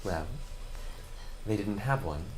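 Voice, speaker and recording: A man voicing a slight, polite elven shopkeeper, speaking with gentle courtesy. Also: lowish voice, lively intonation, takes it slowly. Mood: courteous. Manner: courteous, soft-spoken salesman. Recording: noisy live stream recording.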